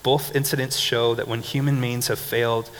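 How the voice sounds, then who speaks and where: A young man preaching a casual, animated sermon, laughing often and leading the room in call-and-response. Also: medium pitch, moderate pace. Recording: reverberant hall with faint background noise.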